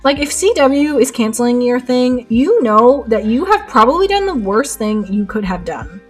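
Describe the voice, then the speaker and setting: A young woman streaming her painting and chatting with viewers in an excitable, rambling way, laughing often. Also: on the high side, normal speed, husky. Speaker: art streamer. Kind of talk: casual chat while painting live. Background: faint lo-fi music.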